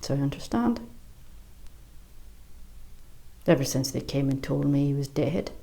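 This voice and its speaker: An actress playing a bitter, fierce middle-aged Irish mother, delivering a sharp-tongued, swearing stage monologue in an Irish accent. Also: rumbling low, lively intonation, fairly quick, vocal fry, exaggerated voice. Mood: bitter, grieving.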